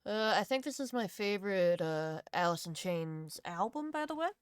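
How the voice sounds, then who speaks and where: A woman's voice: medium pitch, lively intonation, moderate pace, smooth, no room sound. A woman streaming live, chatting casually to her viewers in a laid-back, rambling way, swearing now and then. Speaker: livestreamer.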